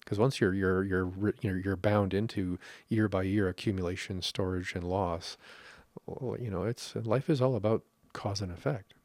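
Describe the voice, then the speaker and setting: A man's voice: sits low, fairly even intonation, moderate pace, darkish tone, no room sound. A Canadian man talking casually on a podcast, rambling with restarts and frequent laughs. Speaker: podcast host. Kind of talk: casual conversational podcast talk.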